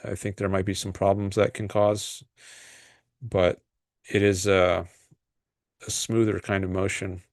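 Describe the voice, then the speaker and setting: A man hosts his own livestream, talking in a loose, meandering way and reading viewer comments aloud. His voice sits on the low side and sounds dry and close, with no room around it. He hesitates often, filling gaps with "um" and restarting his sentences. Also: flat delivery, unhurried, long pauses, a little mellow, no room sound. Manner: rambling and hesitant, frequent fillers and restarts. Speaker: livestream host.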